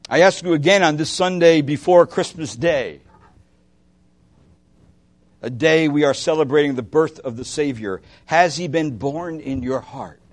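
A man preaching a sermon as pastor, impassioned, moving between loud emphatic lines and hushed ones, asking his listeners direct questions. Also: on the high side, measured pace.

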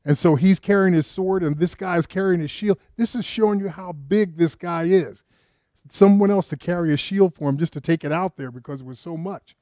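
Mellow-voiced preacher man, dry sound. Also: high voice, moderate pace, no echo. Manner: conversational storytelling with rhetorical questions; frequent restarts, rises with emphasis. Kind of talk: sermon.

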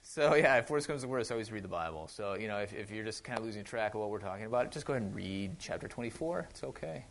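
A man's voice: fairly low pitch, lively intonation, quick pace, gravelly, few pauses, a little hiss or hum. A man with a Wisconsin accent giving a casual sermon, chatty with joking asides and frequent restarts. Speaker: pastor.

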